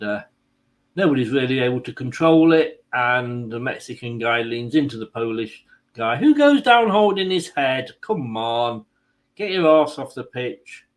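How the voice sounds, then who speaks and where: A man hosting a football watchalong stream, mixing live match commentary with rambling, self-mocking jokes. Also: mid-range voice.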